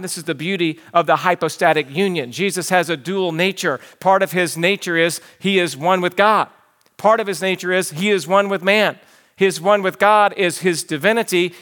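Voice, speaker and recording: A man preaches an expository sermon in an earnest, teaching tone. His voice sits high and bright. He slows down deliberately to stress his key points. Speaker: pastor.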